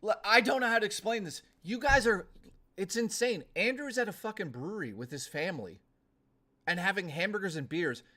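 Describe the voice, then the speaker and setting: A young man talks to his stream in a blunt, rambling way, cursing freely and circling back on himself. His voice sits a little higher than most men's. He keeps it casual and direct, like off-the-cuff chat. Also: expressive, a little fast, pushed and bright. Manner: blunt, profane, ranting and rambling. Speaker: live streamer.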